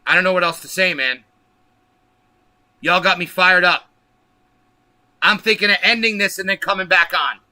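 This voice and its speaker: A man's voice: high-pitched, normal speed, long pauses, sharp tone, dry recording. A man hosting a political livestream, ranting angrily and emphatically with lots of profanity. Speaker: livestream host.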